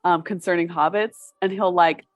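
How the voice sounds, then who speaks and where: A woman's voice: on the low side, steady tone, moderate pace, no room sound, dull audio. A woman in her thirties co-hosting a casual podcast, rambling with many fillers and frequent giggles. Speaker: podcast co-host.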